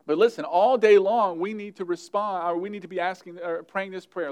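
A man, a pastor, preaching a sermon in an earnest, conversational way with touches of humor, dropping softer when he voices prayers. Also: high-pitched, fairly even intonation, fairly quick, hardly any pauses.

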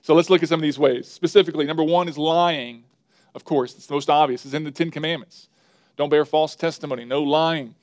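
A man's voice: on the high side, fairly even intonation, fairly quick, darkish tone, dry recording, studio quality. A man preaching a sermon as a pastor, stressing and repeating his key words as he works through a numbered list. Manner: emphatic, repeats key words and lists points.

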